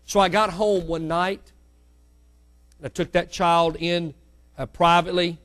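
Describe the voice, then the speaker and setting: Fervent male preacher, swinging loud and soft. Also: high voice, steady tone, unhurried. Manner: preaching with sudden loud climbs and hushed drops. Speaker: pastor. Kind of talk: sermon.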